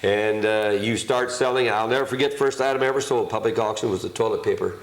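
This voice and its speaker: A man's voice: fairly low pitch, fast. Older man telling stories in echoey room. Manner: plain-spoken storyteller, frequent hesitations. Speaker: auctioneer, interviewee. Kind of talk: recollecting in conversation. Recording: roomy echo.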